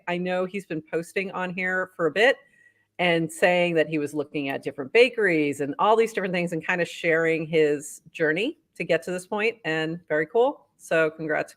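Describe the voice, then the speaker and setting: A woman's voice: lowish voice, a bit bright. Woman co-host, upbeat casual chat, reads stuff out, laughs a lot. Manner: upbeat, reads posts aloud, laughs often. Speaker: podcast co-host. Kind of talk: casual news roundup chat.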